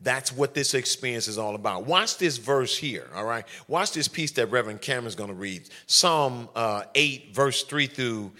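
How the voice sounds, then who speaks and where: A man's voice: medium pitch, expressive, moderate pace, hardly any pauses, bright, forceful tone. A man preaching as a pastor, teaching and reading scripture with frequent "all right" and "watch this" to the congregation. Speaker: senior pastor. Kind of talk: teaching sermon during corporate prayer.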